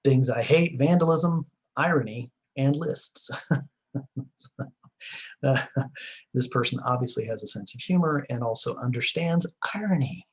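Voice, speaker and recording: A man with a husky, somewhat breathy voice at an ordinary middle pitch, delivering a class lecture. He talks conversationally, slips in fillers and hammers points home with short repeated phrases. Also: measured pace.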